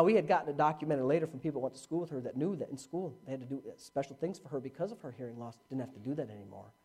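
A middle-aged pastor delivers a sermon, telling a story that swings animatedly between hushed speech and shouting. His voice sits high.

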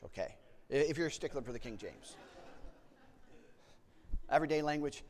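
A man preaching a sermon, animated, often restarting words and acting out panicked voices as he tells a story. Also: a little high, a little fast, pauses often.

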